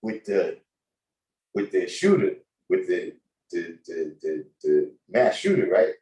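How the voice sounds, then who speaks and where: A man hosting a casual livestream chat, telling stories in an animated, slangy way and laughing often. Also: sits low, slow, rough recording. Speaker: host.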